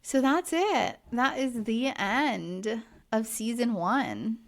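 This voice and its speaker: A woman with a fairly high voice speaks slowly as a podcast co-host, recapping reality TV in casual conversation. She's chatty and exasperated, her speech full of fillers.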